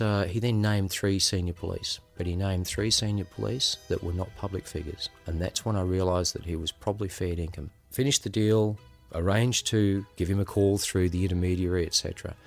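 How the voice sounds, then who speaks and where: A man with an Australian accent, a former undercover police officer, recounting his experiences in a reflective, conversational way. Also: deep voice. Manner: unhurried, reflective, acts out quoted voices. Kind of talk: conversational storytelling.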